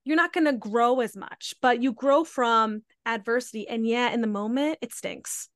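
A woman's voice: a little high, normal speed, fairly bright tone, no echo. A young adult woman hosting a podcast, chatting casually with lots of "like" and "right?". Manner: chatty, filler-heavy, frequent "like" and "right?". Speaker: podcast host. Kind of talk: casual chat.

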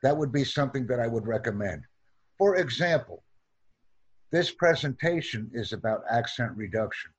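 A man teaching an online English lesson, speaking in slow, deliberate drills and repeating sentences for practice. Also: medium pitch, expressive, breathy edge, highs cut off.

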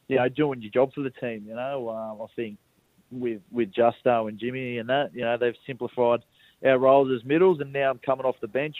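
A man's voice: medium pitch, no room sound, narrow, tinny audio. A young Australian man, a rugby league player, chatting in a laid-back, self-deprecating way on a radio interview over the phone.

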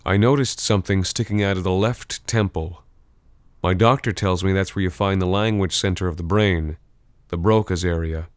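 A man narrating a first-person horror story in a measured, tense way. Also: low voice, steady tone, smooth, dry recording.

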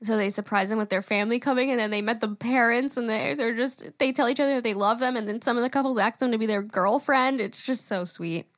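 A young woman co-hosting a casual podcast, animated, laughing often and swearing freely. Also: on the high side, fast, hardly any pauses, dry recording, studio quality. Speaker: podcast co-host, daughter-in-law. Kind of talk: casual chat.

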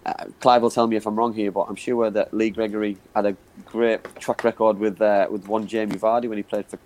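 A man's voice: lowish voice, flat delivery, fairly quick, darkish tone, slight background noise, poor audio. A man giving football analysis on a live chat show, often repeating words and saying "you know what I mean". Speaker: football pundit.

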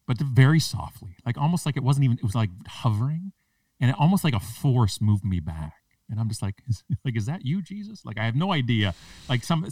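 A man with a fairly low voice tells a story on a podcast, landing his self-mocking jokes with punchy timing. He sounds a little distant from the microphone. The recording is dry, with no room echo. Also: darkish tone. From Canada. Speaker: podcast guest, public speaker. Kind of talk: animated storytelling in a podcast interview.

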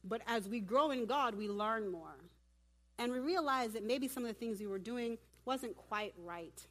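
A woman giving a lively sermon at a church women's event and directing volunteers from the audience. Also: a little high, a little slow. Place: church hall.

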